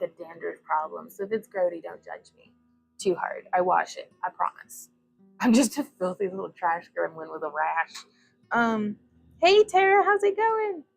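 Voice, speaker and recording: A woman's voice: mid-range voice, creaky, breathy edge, rough recording. A young woman hosting a casual glass bead livestream from her home workbench, chatting and rambling as she greets viewers. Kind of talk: casual craft demonstration livestream.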